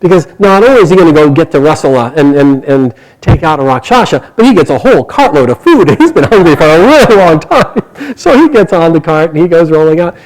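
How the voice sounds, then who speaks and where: Lively, chuckling male storyteller. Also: fairly high pitch, quick pace, few pauses, low-quality recording. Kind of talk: oral storytelling to a live group.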